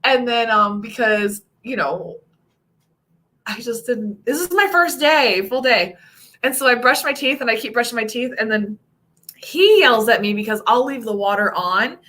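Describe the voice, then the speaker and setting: A woman from the United States, in her thirties, chatting casually as a vlogger and telling stories with lively acted-out quotes. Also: normal speed. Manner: animated storyteller, acts out quotes in a high voice. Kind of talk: casual chat.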